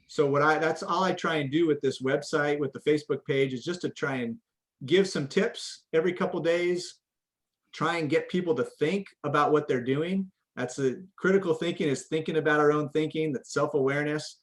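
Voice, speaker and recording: Middle-aged man with a slightly raised pitch, sincere podcast guest who restarts his phrases. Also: normal speed. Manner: earnest, repeats words when starting sentences. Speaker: guest, coach and parent educator. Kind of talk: conversational interview answers.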